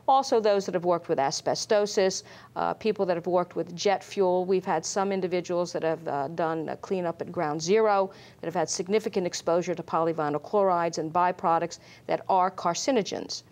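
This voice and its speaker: A middle-aged woman, a lung doctor, explaining screening in an interview, measured and full of fillers. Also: fairly low pitch, darkish tone. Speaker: pulmonologist guest. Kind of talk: medical interview.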